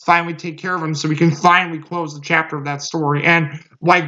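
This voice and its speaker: A man's voice: fairly high pitch, flat delivery, fast, pushed and bright. A man giving a casual movie review, rambling with lots of fillers and restarts. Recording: muffled lo-fi recording.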